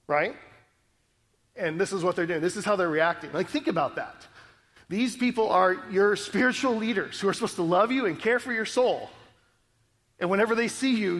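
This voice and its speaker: High-voiced and fairly bright, a male preacher speaks in a large hall, delivering his sermon earnestly and conversationally. He keeps checking in with listeners, tossing out "right?" again and again.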